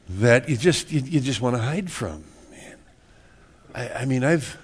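A man's voice: medium pitch, a little mellow, slight background noise. A man preaching a sermon in a church, folksy and joking, repeating words and acting out little everyday scenes. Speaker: pastor.

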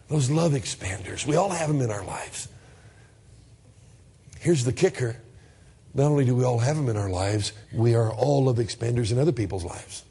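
A pastor preaching a sermon, reading scripture aloud and then talking in a lively, conversational way, sometimes jumping high in pitch to act out everyday exchanges. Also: male voice, normal speed, long pauses.

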